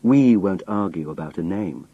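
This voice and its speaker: A man voicing a calm, menacing old male villain who speaks quietly and without hurry. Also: deep voice, moderate pace, husky, highs cut off, heavily acted. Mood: cold, calm.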